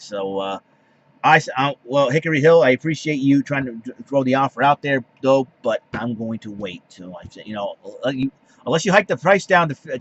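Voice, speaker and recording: A man's voice: mid-range voice, a bit bright, lo-fi sound, a little hiss or hum. A man hosting his own podcast, ranting casually and with exasperation, with many restarts and fillers. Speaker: podcast host. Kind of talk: casual solo rant.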